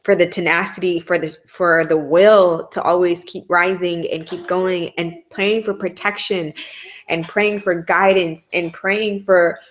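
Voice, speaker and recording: Woman vlogger, low pitch, unhurried, frank and emotional storyteller. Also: fairly even intonation. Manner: candid, emotional, slangy, drawn out. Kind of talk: casual personal storytelling.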